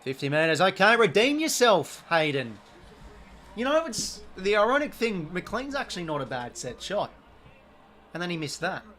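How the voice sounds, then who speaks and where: A man's voice: on the high side, very animated, moderate pace, a bit bright. A young Australian man hosting a live sports watch-along, chatting casually and reacting to the play. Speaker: live stream host.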